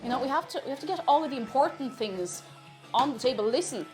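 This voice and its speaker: Young Irish woman, a bright-pitched and chatty live-stream host, with faint music behind her. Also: lively intonation, fast talker. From Ireland. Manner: chatty, reads out chat messages. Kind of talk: casual live-stream chat while cooking.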